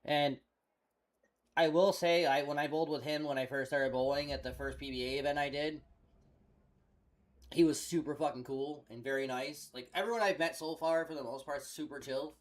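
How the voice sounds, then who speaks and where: A man's voice: a little high, steady tone, normal speed, rough recording. Casual, cursing male streamer on a headset. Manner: rambling profane storytelling. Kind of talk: casual chat while gaming.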